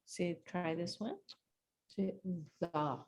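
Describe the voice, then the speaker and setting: Gentle mother coaxing her child. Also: on the high side, very animated, fairly quick, creaky, a little hiss or hum. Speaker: parent coaching her child. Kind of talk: coaching a child during an online lesson.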